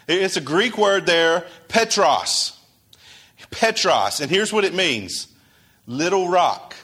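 A man's voice: a little high, a bit bright, breathy edge. A male pastor preaching a sermon in a conversational way, asking his congregation questions and acting out quoted dialogue.

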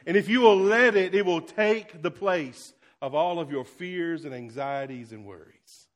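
A male pastor preaching a sermon, swinging between loud exclamations and hushed, quiet lines. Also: a little high, unhurried.

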